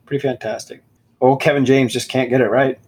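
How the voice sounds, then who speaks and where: A man's voice: mid-range voice, little pitch movement, a little fast, slight background noise. A man co-hosting a podcast, casually mocking a book as he reads passages aloud in a sarcastic, dramatic way. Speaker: podcast co-host.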